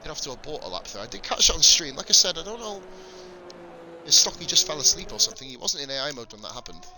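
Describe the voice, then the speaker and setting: A man's voice: fairly high pitch, big pitch swings, fast, bright, forceful tone, a little hiss or hum. A man from England with a slight lisp, giving blunt, sweary live commentary on a sim racing stream into a desk mic.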